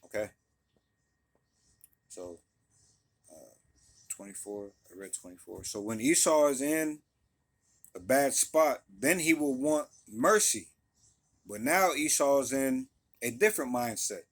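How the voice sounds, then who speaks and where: A man with a mid-range voice gives an informal Bible lesson. He reads the scripture plainly, then unpacks it in easygoing everyday speech, peppered with quick check-ins to his audience. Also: medium pitch, animated, fairly bright tone. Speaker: Bible teacher. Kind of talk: casual Bible study teaching.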